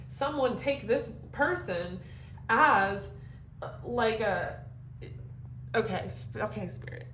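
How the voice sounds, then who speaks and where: Woman, tarot reader, animated, swears freely, laughs a lot, roomy echo. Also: on the high side, slow pace, pauses often, slight background noise. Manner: animated, profane, laughs often. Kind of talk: casual tarot reading to camera.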